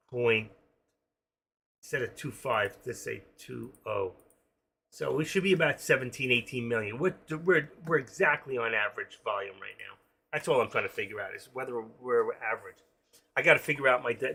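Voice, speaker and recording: A man's voice: mid-range voice, vocal fry, bright, forceful tone, breathy edge. A middle-aged man, talking through his trades on a live stream. He thinks aloud and rambles, joking as he goes. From New York. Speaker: day-trading live streamer.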